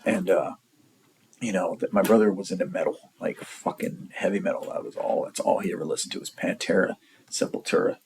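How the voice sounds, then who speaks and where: A man's voice: low-pitched, fairly even intonation, fairly quick, a little mellow, a little hiss or hum, rough recording. A man in his forties from the San Diego area, telling a rambling, profane story in a blunt, casual way. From San Diego area, California. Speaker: storyteller vlogger.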